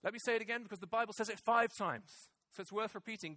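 High, bright-voiced preacher. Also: male voice, rapid-fire, hardly any pauses, no echo. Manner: emphatic, repeats key phrases for weight. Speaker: pastor. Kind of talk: sermon. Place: church hall with congregation.

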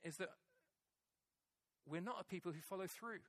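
High, bright-voiced preacher. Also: male voice, normal speed, dry recording. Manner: emphatic, repeats key phrases for weight. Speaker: pastor. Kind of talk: sermon. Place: church hall with congregation.

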